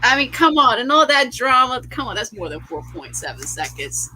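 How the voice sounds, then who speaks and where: A woman chatting casually about a comic she is reading aloud, laughing often and getting animated. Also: fairly high pitch, fairly quick, a little hiss or hum, poor audio. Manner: giggly, animated, reads lines in voices. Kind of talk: casual chat.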